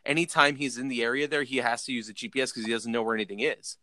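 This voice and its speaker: A man's voice: medium pitch, steady tone, racing, bright, forceful tone. A young man casually telling a rambling story, full of "like" and restarts. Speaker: podcast co-host.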